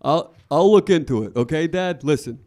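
A man's voice: fairly high pitch, animated, moderate pace, darkish tone, lightly acted. An actor playing an anxious salesman son who is whiny and flustered and stammers.

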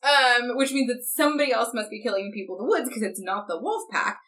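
A woman's voice: a little high, lively intonation, fast talker, fairly bright tone. A young woman co-hosting a podcast, summarizing plot points wryly in casual chat and correcting her co-host. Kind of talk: casual chat, book recap.

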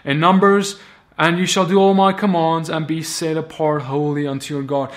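A man's voice: fairly high pitch, little pitch movement, normal speed. A man teaching a Torah portion in a sermon, talking animatedly and often acting out the biblical figures' words in character. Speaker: Bible teacher.

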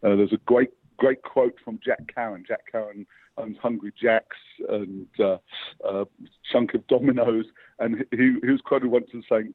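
A man's voice: mid-range voice, normal speed, slightly rough, no echo. Man on a tinny phone line. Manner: lively anecdotes, motivational. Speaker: guest, publicist. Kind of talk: interview storytelling.

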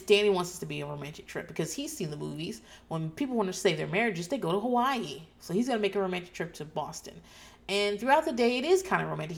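A woman hosting a podcast, recapping a show in a casual rant and swearing freely. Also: mid-range voice. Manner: ranting, swears freely, animated asides.

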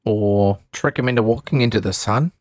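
A man's voice: lowish voice, normal speed, darkish tone, no room sound, clean studio sound. A man acting as co-host and color commentator, rambling with lots of fillers and offering blunt ideas.

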